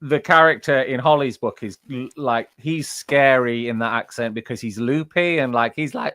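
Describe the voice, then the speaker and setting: A man from England talks through his narration work in a loose, rambling way, full of fillers and self-corrections. His voice sits at an ordinary mid pitch. The sound is dry and close, with no room echo. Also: normal speed, few pauses, fairly bright tone. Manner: rambling, many fillers and restarts. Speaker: audiobook narrator. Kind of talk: casual chat.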